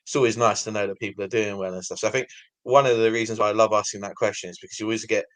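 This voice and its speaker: A man in his thirties with an English accent hosts a casual podcast interview, talking quickly and loosely with a lot of filler. His voice sits fairly low. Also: fairly even intonation, a bit bright, dry recording. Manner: loose, full of fillers like "sort of".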